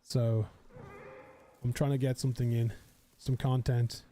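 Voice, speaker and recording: A man's voice: medium pitch, level tone, measured pace, mellow, a little hiss or hum. A man streaming a game live, chatting casually with viewers, rambling and swearing.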